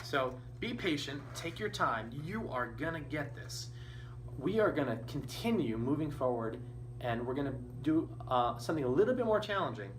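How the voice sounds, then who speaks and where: A man's voice: on the high side, big pitch swings, normal speed. Patient man teaching beginner band. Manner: patient, encouraging, counting beats aloud. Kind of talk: instrumental lesson. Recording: distant mic with faint noise.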